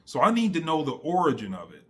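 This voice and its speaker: A man's voice: a little high, wildly swooping pitch, quick pace. A man giving a casual, slangy faith testimony straight to his audience, emphatic and conversational. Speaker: faith vlogger.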